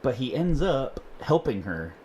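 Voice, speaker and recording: A man's voice: measured pace, a little hiss or hum. A man co-hosting a podcast at home, talking casually and laughing often. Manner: animated, laughs often, quotes lines in a higher voice. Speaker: podcast co-host. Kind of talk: casual chat.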